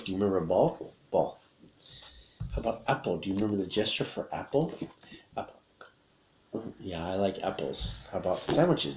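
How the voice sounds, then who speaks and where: A fairly low-voiced man leads an English lesson to camera, repeating each word slowly while he shows its gesture. He sounds upbeat and patient. A faint hiss sits under the recording. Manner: upbeat, repetitive, demonstrating words slowly. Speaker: English teacher. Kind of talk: video lesson teaching gestures to learners.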